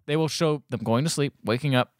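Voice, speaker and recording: A man co-hosting a casual podcast chat, recapping a movie and acting out its lines in quick impressions. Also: medium pitch, no echo, studio quality.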